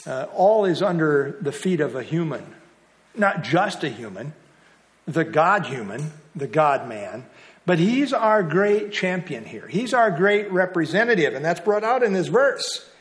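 A man's voice: fairly high pitch, very animated, measured pace. A man leading a Bible study, explaining a passage earnestly and repeating key phrases for emphasis.

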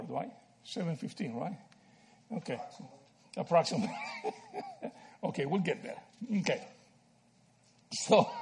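A man from Argentina teaching a Bible study, animated and checking in with "right?" and "okay?" as he explains. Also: fairly high pitch.

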